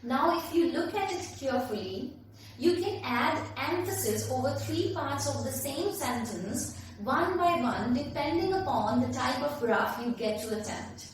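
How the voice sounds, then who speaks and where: Lady teacher, higher voice, really echoey room, mic's far away. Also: animated, unhurried. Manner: explanatory, emphatic teaching delivery. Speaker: English teacher. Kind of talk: classroom lesson.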